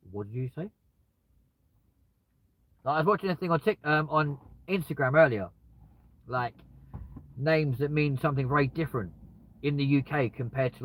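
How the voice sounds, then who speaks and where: Lively, bright-voiced British man streaming. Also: medium pitch, poor audio. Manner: jokey, chatty, laughs at himself. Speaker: live streamer. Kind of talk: casual live-stream chat. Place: in a car with the window open.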